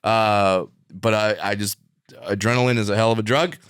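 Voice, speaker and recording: Comedian guest, male, low-pitched, animated storyteller, laughs often, dry studio sound. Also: normal speed, smooth, dry recording. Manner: lively, laughing, restarts mid-sentence. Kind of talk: casual chat, animated storytelling. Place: podcast studio.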